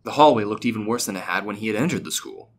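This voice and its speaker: A man reading a fictional story aloud as a steady, even narrator. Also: lowish voice, fast.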